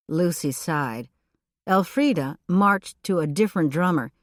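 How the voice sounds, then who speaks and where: A woman narrating a cozy mystery audiobook in a steady, expressive storytelling manner on a close mic. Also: lowish voice, measured pace, no echo.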